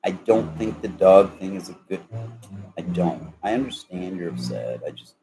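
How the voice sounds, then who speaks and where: A man's voice: sits low, sing-song, normal speed, creaky, low-quality recording. A man rambling casually in a vlog, joking and laughing often as he talks. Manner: laughs a lot, drawling, joking. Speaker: vlogger.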